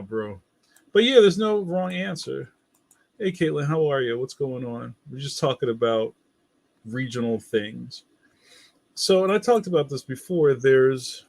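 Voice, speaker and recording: A man with a mid-range voice hosts a casual livestream, reading viewer comments aloud in playful slang and laughing often. There is no echo on the recording.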